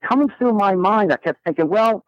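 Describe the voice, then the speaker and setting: A man telling a personal story as a guest, in a lively, animated way. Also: high voice, brisk, dry recording, highs cut off. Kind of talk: storytelling in a conversation.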